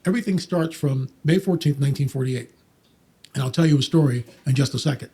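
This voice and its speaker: A man talking quickly and emphatically about Bible prophecy on a podcast, quoting scripture and mocking skeptics. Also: medium pitch, warm tone, husky. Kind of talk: fast, preachy podcast talk.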